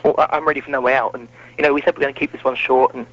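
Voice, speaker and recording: A man hosts a casual wrestling podcast, chatting away and poking fun at himself. His mid-range voice stays fairly level in pitch while he talks at a racing clip. The audio is muffled and lo-fi.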